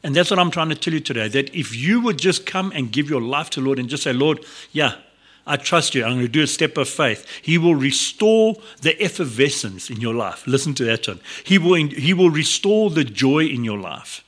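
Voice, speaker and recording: A man's voice: fairly high pitch, very animated, moderate pace, few pauses. A man, presenting a devotional message on the radio in an earnest, conversational way, often restarting and adding asides.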